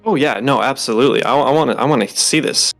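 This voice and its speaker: Tabletop game master, relaxed, encouraging, middle pitch, faint music. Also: fast talker, gravelly. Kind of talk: casual tabletop play.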